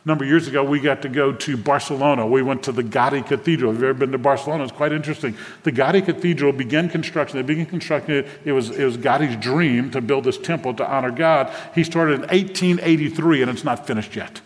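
Preacher with reverberating hall sound. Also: male voice, mid-range voice, fast talker, few pauses. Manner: engaging, asks the congregation questions. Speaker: pastor. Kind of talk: sermon. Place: church sanctuary with a congregation. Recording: long hall reverb from a church.

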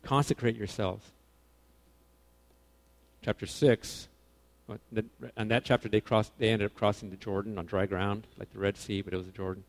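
A man preaching a casual sermon to young people, animated, swinging between loud emphasis and quiet asides, often correcting himself. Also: on the low side, a little fast. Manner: casual, self-correcting, informal phrasing.

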